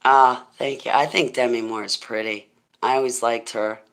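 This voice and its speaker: A middle-aged woman with a deep, smoky voice, hosting a rambling, goofy livestream chat and thanking viewers as she goes. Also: fairly even intonation, moderate pace. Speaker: livestream host.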